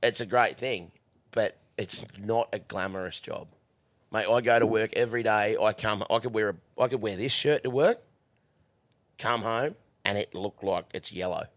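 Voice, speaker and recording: A lowish voice at a moderate pace belongs to an Australian podcast guest, recorded in a studio with no room sound. During the casual chat he spins stories from the horse stables, swearing freely and laughing.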